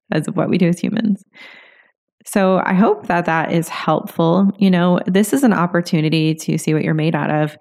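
Woman coach doing a solo podcast, kinda low and gravelly, chill encouraging ramble. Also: darkish tone. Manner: encouraging, loose, heavy on "you know" and "like".

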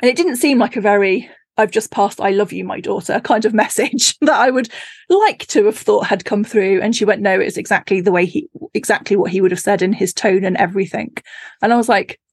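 Husky woman telling lively stories. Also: medium pitch, a little fast, no room sound, studio quality. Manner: animated storytelling, acting out her own reactions, laughs often. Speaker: podcast guest, author. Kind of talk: casual chat. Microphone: remote call.

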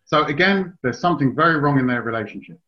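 A man's voice: a little high, animated, fast. Chatty man giving dog advice. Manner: chatty, explains at length. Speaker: dog trainer, podcast host. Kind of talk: casual advice chat. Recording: slightly dull, lo-fi sound.

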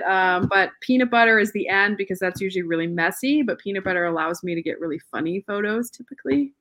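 A woman's voice: mid-range voice, quick pace, hardly any pauses, fairly bright tone. A woman guest, a pet photographer, chatting casually in an interview, laughing often and trailing off mid-sentence.

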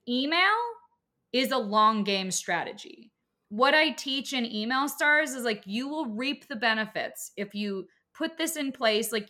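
A woman's voice: on the high side, bright, forceful tone. A woman in her thirties who runs a business, talking casually and emphatically with lots of filler words. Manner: chatty, frequent "like" fillers, emphatic. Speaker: business owner and course creator. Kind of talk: casual podcast conversation.

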